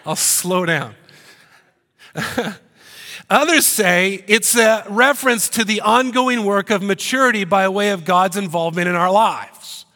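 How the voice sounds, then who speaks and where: A man preaching with a slightly high, lively voice that climbs and gets louder whenever he drives a point home. He slips in jokey asides between verses. A long reverb trails off each phrase, the sound of a big hall. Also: measured pace. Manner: animated, jokey asides, rises in pitch and volume for emphasis. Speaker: pastor. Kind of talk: sermon. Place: church hall.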